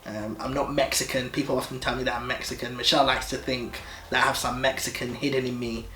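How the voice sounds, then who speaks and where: A man's voice: mid-range voice, fast. Young male vlog co-host, easygoing and chatty, recorded in an echoey room. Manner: relaxed, explanatory, laughs easily. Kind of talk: casual couple vlog chat.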